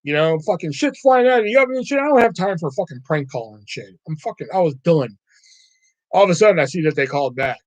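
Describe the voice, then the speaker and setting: A male livestream host tells rambling, profane stories in casual chat, quoting callers in shifting voices. His voice is fairly high with lively intonation and fast delivery. The recording is dry, with the highs cut off.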